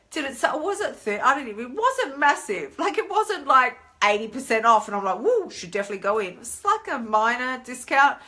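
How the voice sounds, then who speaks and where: An Australian woman in her thirties talking casually on a live stream as a coach, chatty and animated, acting out inner voices. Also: high-pitched. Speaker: weight-loss coach hosting a live stream.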